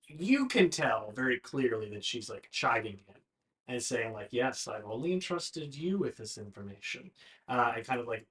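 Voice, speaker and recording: A game master narrating a tabletop game in a relaxed, hesitant way with many fillers. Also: medium pitch.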